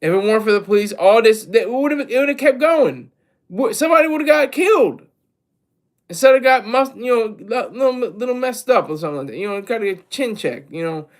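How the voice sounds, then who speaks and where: A man with a high-pitched voice hosts a casual livestream. He rambles with a lot of energy, restarts his sentences and keeps breaking off to talk to the chat. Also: expressive, a little fast. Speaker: livestream host.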